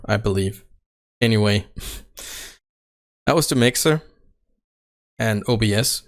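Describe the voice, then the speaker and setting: In an untreated room at home, a slow man with a gravelly, somewhat low voice explains his setup for his tech channel, the desk mic right at his face. The casual walkthrough is halting and packed with fillers and self-corrections.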